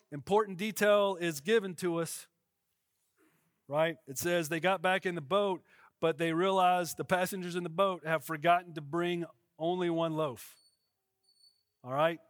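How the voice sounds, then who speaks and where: A man's voice: a little high, dry recording, clean studio sound. Casual, conversational male pastor preaching. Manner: casual, checks in with listeners. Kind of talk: conversational sermon.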